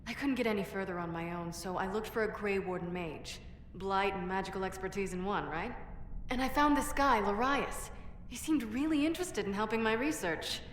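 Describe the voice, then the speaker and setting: A woman's voice: medium pitch, normal speed, slight background noise, close to an everyday voice. An actress playing a secretive, self-justifying female dwarf craftswoman in a video game. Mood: defensive. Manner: self-justifying, matter-of-fact. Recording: echoey game dialogue with long reverb.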